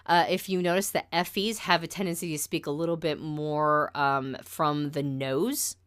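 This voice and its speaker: A woman with a deep, clear, resonant voice teaches about personality types in an easygoing lesson, shifting to a flatter, more deliberate tone for her key points.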